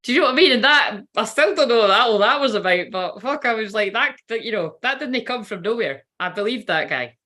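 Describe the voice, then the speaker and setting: A woman's voice: fairly high pitch, expressive, a little fast, few pauses, sharp tone. Rambling, swearing woman. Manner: rambling, swears freely, laughs often. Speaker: spiritual reader. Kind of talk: casual storytelling.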